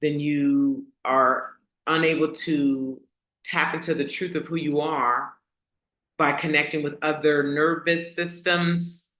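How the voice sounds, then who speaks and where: Woman host, casual motivational talk, rhetorical questions, crisp bright voice, echoey room. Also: low voice, steady tone. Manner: conversational, asks the audience rhetorical questions; repeats key lines slowly for emphasis.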